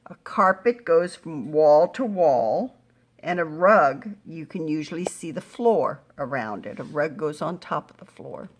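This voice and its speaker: A middle-aged woman teaching a phonics lesson to young readers, patient and encouraging, sounding words out slowly. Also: low-pitched, animated. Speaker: reading teacher.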